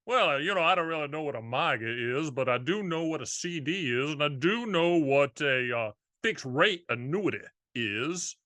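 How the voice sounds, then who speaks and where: A man voicing a folksy Southern man from Charleston with a slow, hesitant Southern US drawl. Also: a little high, expressive, sharp tone, no room sound.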